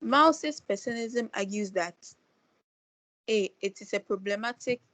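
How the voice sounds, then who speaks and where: A woman's voice: medium pitch, a little slow, fairly bright tone, no room sound, rough recording. A woman student in an online class reading quiz questions aloud, going through the options letter by letter with small hesitations. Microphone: video call.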